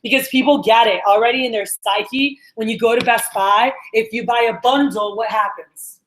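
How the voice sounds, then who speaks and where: A woman sales trainer telling stories to a group, acting out quotes in an animated way. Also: fairly high pitch, normal speed. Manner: animated storyteller, acts out quotes. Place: meeting room with a group. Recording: echoey meeting room.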